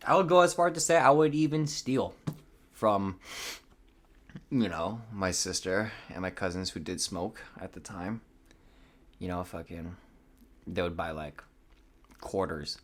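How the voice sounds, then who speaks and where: A man's voice: low-pitched, animated, measured pace, long pauses. A young man around twenty, hosting a podcast in a rambling, casual, profane monologue with nervous voice cracks. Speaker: podcast host.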